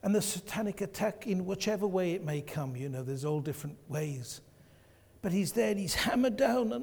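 A man's voice: high voice, lively intonation, normal speed, vocal fry. A man preaching a sermon to his congregation, emphatic and repeating his key phrases. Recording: long hall reverb.

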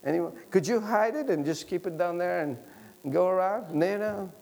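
A man preaching a sermon, swinging from loud exhortation to quiet prayer and chatty stories with the congregation. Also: normal speed, gravelly. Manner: swings from loud, high exhortation to soft, low intimate prayer; conversational storytelling with congregation asides.

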